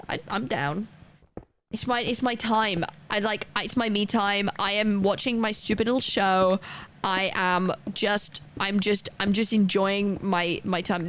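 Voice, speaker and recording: A woman's voice: medium pitch, a little hiss or hum. A woman streamer chatting casually and rambling to her live chat while playing, laughing often and reading chat messages aloud.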